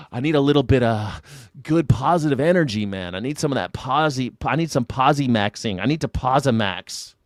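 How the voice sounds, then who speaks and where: A man's voice: medium pitch, dry recording, studio quality. A man hosting a live news reaction stream, talking casually, joking and mocking, swearing freely. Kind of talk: casual livestream commentary.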